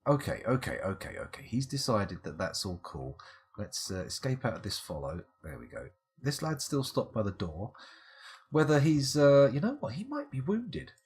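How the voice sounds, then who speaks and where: A man's voice: mid-range voice, big pitch swings, moderate pace, a little mellow, husky. A man streaming live game commentary, with wry, rambling, self-mocking asides.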